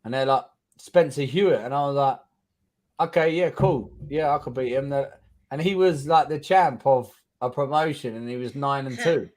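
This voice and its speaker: A man's voice: medium pitch, moderate pace, a little mellow. Blunt London man telling a story. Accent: London English. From England. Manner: blunt, swears freely, acts out quotes. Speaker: guest fighter. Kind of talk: casual storytelling interview.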